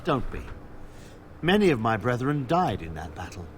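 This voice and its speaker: An actor playing a blind, battle-scarred older knight in a video game, speaking in formal, archaic phrases. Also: male voice, medium pitch, very animated, normal speed, slight background noise, lightly acted. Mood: solemn. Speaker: game character.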